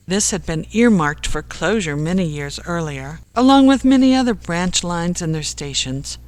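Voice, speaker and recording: An audiobook narrator reading a comic story in unhurried, measured scripted narration. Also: mid-range voice.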